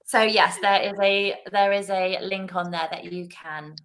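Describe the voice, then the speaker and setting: A woman's voice: mid-range voice, fairly even intonation, unhurried, a bit bright. A woman hosting a casual church livestream chat, bubbly and laughing often. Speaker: host. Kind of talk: casual live-stream chat.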